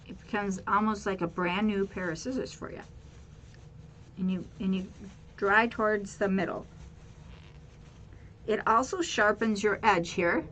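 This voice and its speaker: A woman hosting a craft tutorial guides viewers through the task in a relaxed, chatty way, often repeating words and using fillers. Her voice is at an ordinary middle pitch with a measured pace and frequent pauses. The home recording has clearly audible background noise.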